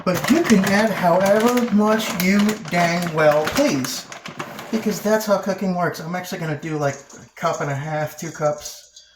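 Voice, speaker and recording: Male cooking host, unhurried, playful and chatty, quiet hum behind. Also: high-pitched. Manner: playful, makes silly sound effects while working; chatty, jokey asides. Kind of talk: casual cooking demonstration.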